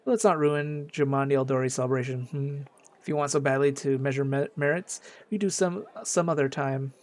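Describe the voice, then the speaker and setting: A man's voice: mid-range voice, steady tone, fairly quick, darkish tone, close to an everyday voice. A man reading aloud the lines of an arrogant, dismissive male nobleman, stumbling now and then over the words. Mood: haughty.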